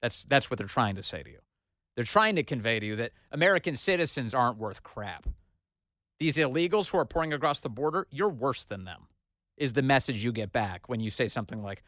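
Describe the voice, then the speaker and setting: A man's voice: mid-range voice, lively intonation, brisk, fairly bright tone, no room sound, clean studio sound. A man hosting a talk radio show, delivering an emphatic, sarcastic opinion monologue.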